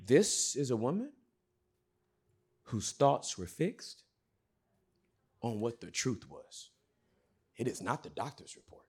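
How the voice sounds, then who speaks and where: A male pastor preaching a sermon, swinging from loud shouts to hushed words. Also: mid-range voice, sing-song, slow pace, long pauses, husky.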